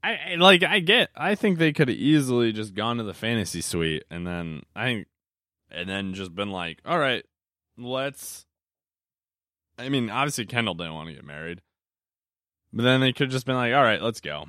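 A man's voice: medium pitch, lively intonation, fairly quick, bright, forceful tone, no room sound, clean studio sound. A young man talking casually on his solo podcast, rambling with lots of fillers and self-corrections. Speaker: podcast host.

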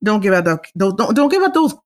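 A woman's voice: mid-range voice, big pitch swings, quick pace. A young woman hosting a solo talk show, chatting casually and rambling with frequent restarts and laughter. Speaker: solo podcast host. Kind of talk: casual chat.

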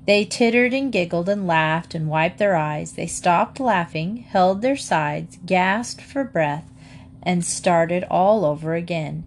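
A woman narrating a children's chapter book in a clear, steady storytelling voice. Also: on the low side, slow pace, slight background noise. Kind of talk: storybook read-aloud.

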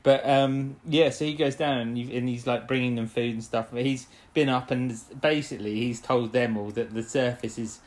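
A man's voice: mid-range voice, fairly even intonation, moderate pace, hardly any pauses. A man co-hosting a casual chat about a TV episode, rambling and full of "like" and restarts, laughing easily. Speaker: podcast co-host.

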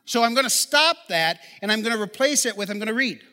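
A male pastor delivers a sermon in a loose, conversational manner, often restarting sentences and poking fun at himself. His voice sits high and sounds bright and forceful. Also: animated, quick pace. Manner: conversational, self-deprecating humor, repeats words when starting sentences.

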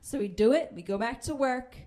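Animated, foul-mouthed woman comic storyteller. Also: sits high, fairly quick. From Pennsylvania. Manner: animated, acts out quoted voices, swears freely. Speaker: comedian. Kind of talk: comedic storytelling.

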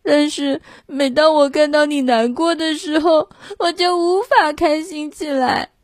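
A woman voicing a small, gentle male lamb who sobs and speaks tenderly in a storybook. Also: high voice, steady tone, a little slow, dry recording, clean studio sound, voice pushed up. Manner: sobbing, tearful.

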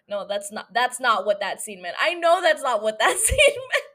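High-voiced woman ranting, laughing often. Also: big pitch swings, moderate pace, sharp tone. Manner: profane, giggly, scattered. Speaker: solo podcast host. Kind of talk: casual rambling rant.

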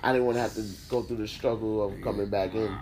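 A man's voice: fairly low pitch, fairly even intonation, fast, background noise. A young man in casual chat with friends, telling a story with heavy slang and swearing, acting out the people in it.

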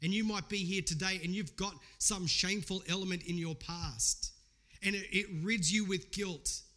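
Middle-aged male pastor, fairly high voice, earnest conversational sermon delivery. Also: steady tone, moderate pace, pushed and bright. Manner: earnest, conversational preaching with personal stories.

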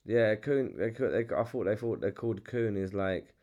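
Deep-voiced London man chatting casually. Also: moderate pace, a little mellow, lo-fi sound. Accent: London English. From England. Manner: repeats words and restarts, swears freely. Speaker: podcast host. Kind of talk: casual chat.

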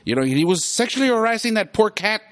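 A middle-aged man chats on his own show in a loose, rambling way, his pitch bouncing high and low and often breaking into laughter. His voice sits a little high for a man, and the talk is loose and unscripted. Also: big pitch swings, fast, fairly bright tone. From South Texas. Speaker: podcast host. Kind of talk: casual chat.

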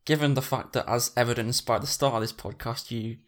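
A man's voice: medium pitch, fairly even intonation, a little fast. A man with a northern English accent, co-hosting a film podcast in casual, dry, self-deprecating chat. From northern England. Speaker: podcast co-host.

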